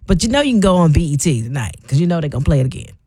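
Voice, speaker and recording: A woman's voice: lowish voice, very animated, racing, dark tone, slightly rough, dry recording, studio quality. A woman in her fifties hosting a radio show, chatting casually and laughing as she talks. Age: 50s. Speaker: radio host. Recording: radio broadcast with music underneath.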